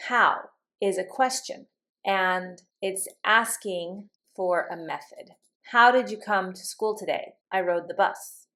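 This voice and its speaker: A woman's voice: medium pitch, a bit bright. A woman teaching an English vocabulary lesson, explaining patiently and acting out example questions to show intonation. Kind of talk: slow, careful vocabulary lesson.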